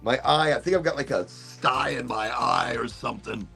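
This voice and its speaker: A middle-aged podcast host from Florida rambles and swears through a casual chat, tearing up with emotion and restarting often. His mid-range voice is bright and forceful, with vocal fry and a moderate pace, and faint music plays behind him.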